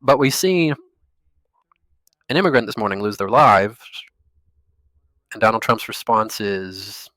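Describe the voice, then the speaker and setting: A man's voice: lowish voice, expressive, unhurried, pauses often, pushed and bright, no echo. A man giving angry, profane political commentary, ranting in a furious tone.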